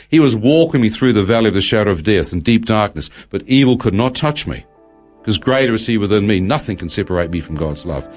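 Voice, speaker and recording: A man, telling a guest's testimony in conversation, acting out his own thoughts as dialogue and quoting scripture by verse. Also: fairly low pitch.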